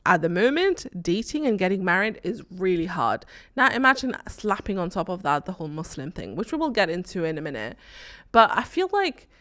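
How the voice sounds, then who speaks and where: A woman's voice: fairly low pitch, fairly bright tone. A woman hosting her own talk show, speaking casually and emphatically, full of rhetorical questions and checks like "okay?" and "right?". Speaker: host. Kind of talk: opinionated casual talk to camera.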